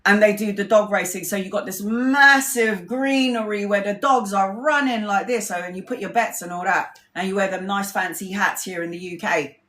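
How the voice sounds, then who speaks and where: A woman's voice: mid-range voice, normal speed, hardly any pauses, fairly bright tone. A woman tarot reader telling stories in a casual livestream, candid and rambling, swearing freely. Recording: roomy echo.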